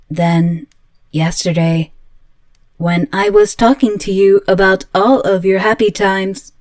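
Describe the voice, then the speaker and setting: A clingy, volatile yandere android girl, voiced by a woman in an audio drama. Her delivery is slow and earnest, with every line a plea. The voice sits close and dry, with no room around it. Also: mid-range voice, dark tone, no room sound, natural voice. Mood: anxious. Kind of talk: audio roleplay.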